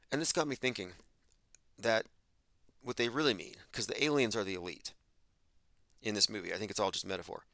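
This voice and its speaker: A podcast host delivers a monologue of commentary, emphatic and sardonic, mocking the people he quotes. His lowish voice has a sharp edge and runs a little fast, recorded dry and close with no room around it.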